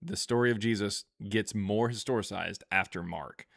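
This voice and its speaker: A man hosting a live stream, reading viewer questions aloud and answering in a halting, think-aloud way with many fillers and restarts. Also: lowish voice, creaky, fairly bright tone, no echo, studio quality.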